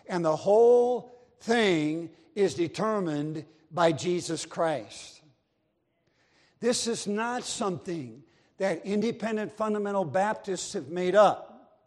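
A man preaching a sermon emphatically, with repeated phrases and a story told from the pulpit. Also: high-pitched. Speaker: Baptist preacher. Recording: long reverb of a large hall.

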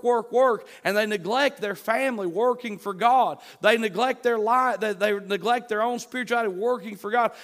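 A man preaching a sermon as pastor, swinging from hushed words to shouted repetitions. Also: very high-pitched, long reverb tail.

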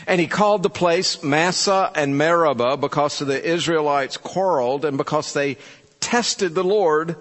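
A man preaching a sermon as pastor, with measured delivery and rhetorical questions to his congregation. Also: on the high side, fairly bright tone. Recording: long reverb from a large hall.

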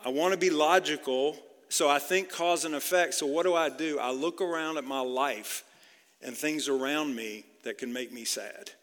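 Male pastor, slightly high-pitched, bright tone, chatty sermon delivery, recorded with long hall reverb. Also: normal speed. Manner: conversational, repeats "okay?" to check in with listeners.

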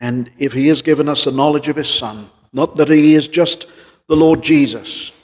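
A man preaching a sermon in an earnest voice, pressing his points with rhetorical questions and swinging between loud emphasis and quieter passages. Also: a little high, moderate pace, in a large hall.

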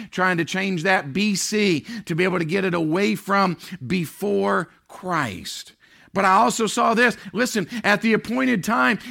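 Male pastor preaching, bright sharp voice, stretches key words loud then drops low. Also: creaky. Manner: swings between loud drawn-out emphasis and low near-whispered lines. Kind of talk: sermon.

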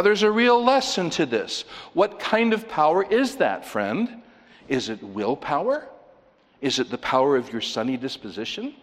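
A man's voice: a little high, fairly bright tone, in a large hall. A male pastor delivering a sermon, driving his points home with rhetorical questions and plenty of emphasis.

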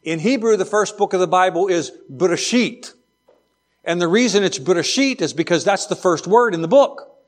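A man's voice: high-pitched, animated, normal speed. A man teaching a Bible lesson to a class, chatty and digressive, with joking asides.

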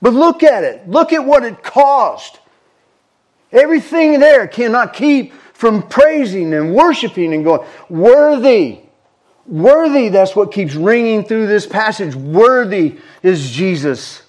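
Male Southern US preacher, high-pitched, fervent, slow, repetitive emphasis. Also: sing-song, a little mellow. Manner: fervent, repeats words for emphasis. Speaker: pastor. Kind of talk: sermon.

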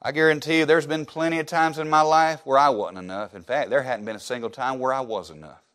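Speaking quickly in a steady tone, a preacher hammers his points home with repetition and rapid rhetorical questions. At the ends of phrases he slips into quiet, low asides.

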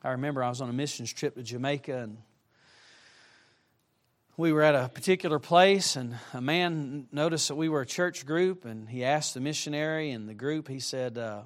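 A middle-aged man preaching to young people, with emphatic direct appeals and shifts between soft asides and loud, rising emphasis. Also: on the high side, expressive, normal speed. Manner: emphatic, repeatedly urging listeners with direct appeals. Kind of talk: sermon to a youth congregation.

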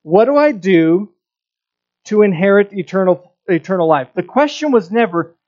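A man's voice: sits high, expressive, normal speed, darkish tone, lo-fi sound. A man preaching a sermon, earnest, often repeating words and restarting his phrases. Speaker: pastor.

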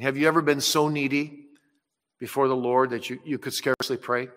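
A man preaching a sermon with passion, rising loud when he voices Jesus and dropping soft and low when he pleads. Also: steady tone, a little fast. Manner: impassioned, swells loud on quoted words of Jesus and drops soft on pleading. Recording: long reverb of a large hall.

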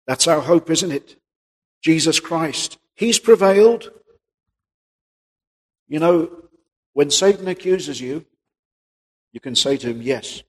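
A male preacher giving a sermon, posing rhetorical questions and swinging between loud and quiet passages. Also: medium pitch, husky. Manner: rhetorical questions, rises and drops in volume. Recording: long hall reverb.

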